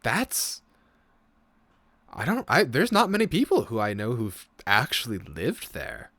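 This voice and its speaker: A weary masked man, played by a man, reserved and patient, speaking in a tired, sighing, measured way. The voice is bright and lively in pitch, close and dry in a tabletop game. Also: dry recording, heavily acted.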